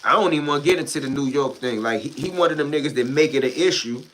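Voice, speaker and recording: A man with a D.C. accent, from Washington, D.C., answers his livestream chat with a casual rant full of blunt, heated, profane street talk. He speaks fast, in a voice that's a little high and a bit bright.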